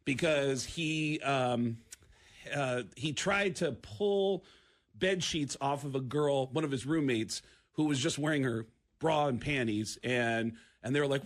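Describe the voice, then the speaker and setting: A man's voice: medium pitch, animated, moderate pace. A man, a guest comedian, telling a story on a radio show, acting out the quotes and stammering and repeating himself as he goes.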